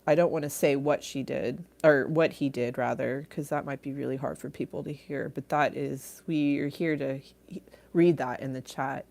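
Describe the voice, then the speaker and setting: A woman's voice: rumbling low, steady tone, normal speed, vocal fry, darkish tone. A middle-aged woman hosting a casual livestream, reading viewer comments aloud, laughing often and trailing off mid-thought. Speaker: livestream host.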